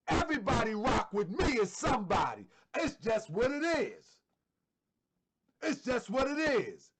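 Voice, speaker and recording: A man's voice: sits high, big pitch swings, moderate pace, breathy edge. A man hosting an online show, giving fervent religious commentary and repeating phrases for emphasis. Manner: fervent, sometimes shouting.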